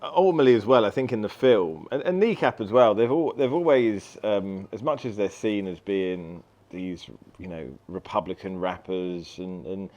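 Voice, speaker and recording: A man's voice: fairly low pitch, normal speed, few pauses, darkish tone, muffled recording. A man speaking as a guest on a podcast, in jokey, irreverent casual chat. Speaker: podcast guest, film director.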